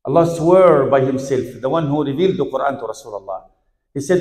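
A man whose first language is Arabic, preaching a sermon with emphatic storytelling that swings between loud urging and hushed tones. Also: mid-range voice, expressive, fairly quick. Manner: chants Quranic verses in Arabic. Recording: echoey hall with long reverb.

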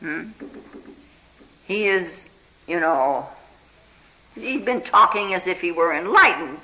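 A meditation teacher's talk with a bright, keen tone and a voice that swoops freely up and down. The delivery is unhurried and chatty, full of "you know" and little questioning "huh?" prompts to the listeners. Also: medium pitch, expressive, low-quality recording. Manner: often checks in with listeners with "hmm?" and "huh?". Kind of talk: spiritual talk telling a Zen story.

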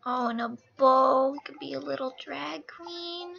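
A young woman host giving casual, excitable gameplay commentary, gushing and giggly. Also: high-pitched, unhurried, gravelly. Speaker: gaming channel host. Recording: lo-fi screen-capture audio over game music.

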